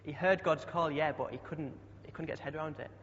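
A man's voice: on the high side, fast talker, fairly bright tone, a little hiss or hum. A young man preaching a chatty sermon, often asking the congregation questions. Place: church hall. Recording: dull sound with long hall echo.

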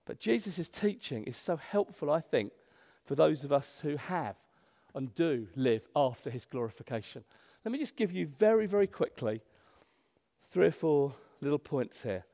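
A man preaches a sermon in a church. His voice sits a little high and rings with long reverb through the hall. He moves from loud, emphatic lines to quiet, hushed asides. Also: big pitch swings, moderate pace. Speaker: pastor.

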